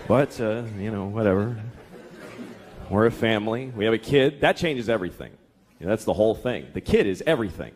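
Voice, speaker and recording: A man's voice: fairly low pitch, expressive, a little fast. A man in his thirties doing a stand-up set, exasperated and profane, dropping into mocking voices. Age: 30s. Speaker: stand-up comedian. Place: comedy club stage. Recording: live club recording with loud crowd laughter and noise.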